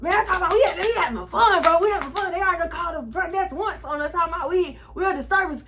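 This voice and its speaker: Animated, bright-voiced young woman vlogger. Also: very high voice, fast, hardly any pauses. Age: 20s. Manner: animated, profane, acts out quotes. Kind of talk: casual storytime.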